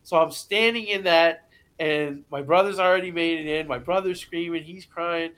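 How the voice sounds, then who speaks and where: Man, podcast guest, casual storyteller, animated, acts out voices, swears, slightly high voice. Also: normal speed, smooth.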